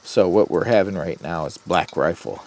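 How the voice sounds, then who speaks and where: A man's voice: low-pitched, moderate pace, creaky, darkish tone, a little hiss or hum. A man casually rambling through a camping vlog, goofy and self-mocking, chatting straight to his viewers. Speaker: vlogger. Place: hot tent while camping.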